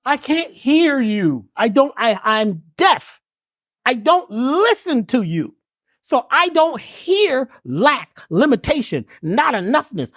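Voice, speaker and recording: A man voicing a deaf frog who survived, explaining slowly and emphatically that he doesn't hear doubt. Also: very high voice, big pitch swings, a bit bright, no room sound, studio quality, voice pushed up, heavily acted. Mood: defiant. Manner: slow, emphatic.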